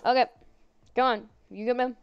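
A woman's voice: a little high, fairly even intonation, moderate pace, clean tone, muffled recording. A woman playing a horror game and commenting on it, sarcastic and jokey, chatting to the characters on screen. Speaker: gaming channel host.

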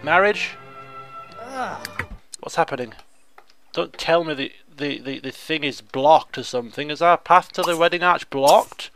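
A man giving excitable, theatrical gameplay commentary, exclaiming and chatting to his game characters. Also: fairly high pitch, measured pace, long pauses, soft background music. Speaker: let's play host.

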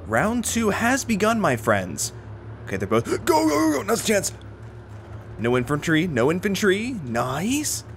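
Young male gameplay commentator, sarcastic, foul-mouthed, lively pitch that jumps high under stress; faint game noise behind. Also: a little slow. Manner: sarcastic, swears, bursts into high-pitched panic. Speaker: gaming commentator.

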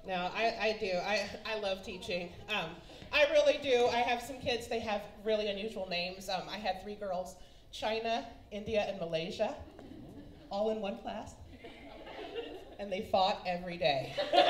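Here the Kansas comic, a woman in her forties, speaks a little slowly in a mid-range voice and pauses often. She's onstage at a comedy club, brassy and teasing, calling people baby and honey, with loud audience laughter echoing around her and background noise.

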